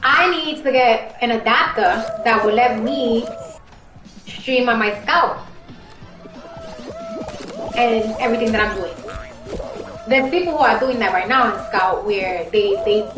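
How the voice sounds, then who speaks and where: A young woman with a heavy Bronx Puerto Rican accent chats and rambles straight to her stream viewers, her voice pitched a little high. Spanish was her first language. The room is echoey, with faint music playing behind her. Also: unhurried, pauses often. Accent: Bronx Puerto Rican New York. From Bronx, New York. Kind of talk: casual live-stream chat.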